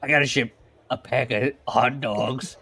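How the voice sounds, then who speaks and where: A man's voice: medium pitch, fairly even intonation, unhurried, creaky, sharp tone, slightly rough. A man co-hosting a podcast, telling rambling stories in casual chat, laughing often and swearing. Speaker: podcast co-host.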